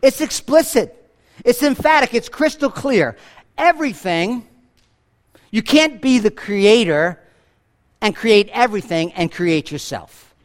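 A male pastor preaching a sermon to a church congregation, emphatic, swinging between loud declarations and hushed lines, asking rhetorical questions. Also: expressive, measured pace, long pauses. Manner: emphatic preaching with big swings in pitch and loudness.

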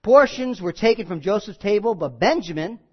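A man preaching a sermon in a conversational, animated way, with frequent asides. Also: sits high, moderate pace, husky, lo-fi sound. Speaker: pastor.

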